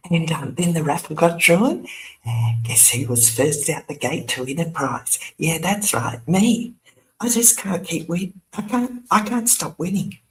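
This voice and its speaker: Slow-talking older woman vlogging. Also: on the low side. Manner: chatty, laughs often, sarcastic asides. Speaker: YouTube channel host. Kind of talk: casual rambling vlog chat.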